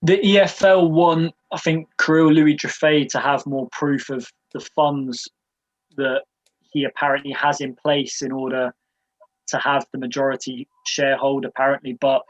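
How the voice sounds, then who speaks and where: Measured man on lo-fi call audio. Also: mid-range voice, steady tone, no echo. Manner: measured, hedging. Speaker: panel guest. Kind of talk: casual live panel chat.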